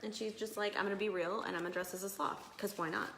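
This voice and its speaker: A woman co-hosting a casual TV recap chat, playful and quick to joke. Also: medium pitch, fairly even intonation, gravelly, fairly bright tone, reverberant, a little hiss or hum. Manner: playful, laughing, quick jokes. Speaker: podcast co-host.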